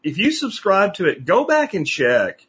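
Chatty guy hosting a podcast, bright forceful voice, rambles a lot, muffled sound. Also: high-pitched, a little slow, slightly rough. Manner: chatty, rambling, animated asides. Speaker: podcast host. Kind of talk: casual interview chat. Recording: dull lo-fi audio.

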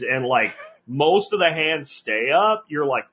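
A man hosting a podcast interview, talking in a blunt, animated, casual way with some cursing. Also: a little high, unhurried, husky, muffled recording. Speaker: podcast host.

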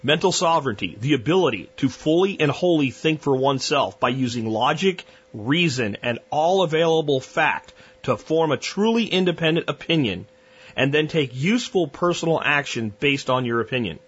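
A man's voice: a little high, animated, moderate pace, fairly bright tone, breathy edge, highs cut off. A man hosting a solo podcast, talking bluntly and at length through long, rambling analogies. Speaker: podcast host.

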